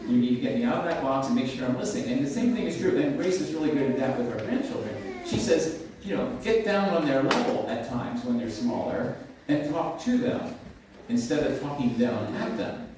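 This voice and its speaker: Older man, pastor, conversational sermon, halting restarts, lively pitch, far from the mic, heavy church echo. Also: a little hiss or hum. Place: church sanctuary. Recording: echoey church livestream from far off.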